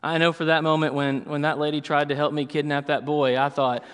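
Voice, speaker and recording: Pastor with a long hall echo. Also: male voice, on the high side, level tone, a little fast, a bit bright, clean tone. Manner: storytelling, casual asides with many fillers. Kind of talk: sermon.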